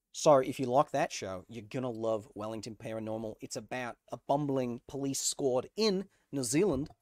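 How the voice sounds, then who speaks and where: A man in his thirties hosting a live stream, reading chat questions aloud and explaining science in an energetic way. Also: mid-range voice, no echo, studio quality. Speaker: host.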